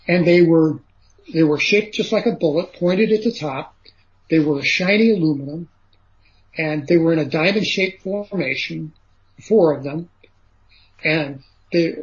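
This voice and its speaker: A man with a fairly high voice, telling a long story to an interviewer. He rambles, stops on fillers and keeps adding "he says" asides. The sound is dull and lo-fi, like an old radio recording. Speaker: interview guest. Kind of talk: recounting a story in conversation.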